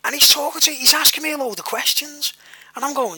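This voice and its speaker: A man's voice: very high voice, lively intonation, fast talker, bright, forceful tone, dry recording. A man telling a personal story in a rambling, repetitive way, full of fillers and the odd swear word. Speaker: vlogger.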